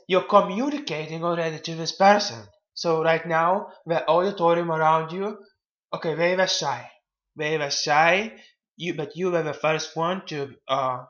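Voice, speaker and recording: Male self-help presenter, slightly high voice, halting and repetitive delivery, dull lo-fi audio. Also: a bit bright. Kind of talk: casual advice talk.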